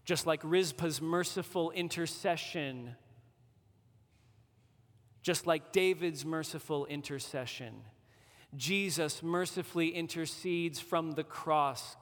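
A man preaching a sermon, slow and deliberate, building to emphasis as he speaks in a church. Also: on the high side, a bit bright. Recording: long reverb of a large hall.

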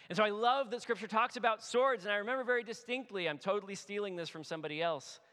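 A man preaching a sermon as a pastor, animated and storytelling, building intensity as he voices scripture. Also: a little high. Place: church sanctuary. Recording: echoey hall with long reverb.

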